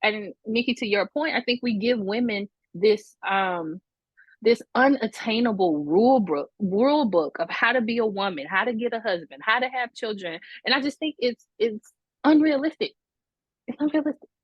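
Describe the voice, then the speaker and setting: A woman hosting a casual chat, talking in an animated, emphatic way with quick asides. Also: mid-range voice, husky, dry recording. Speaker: host. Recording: dull lo-fi dry sound.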